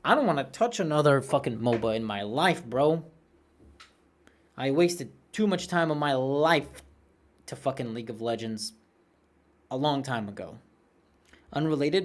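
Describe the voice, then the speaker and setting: A man in his late twenties with a youthful-sounding voice, streaming a game, chatting casually and ranting with frequent swearing. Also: mid-range voice. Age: late 20s. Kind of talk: casual gameplay chat, reading viewer messages.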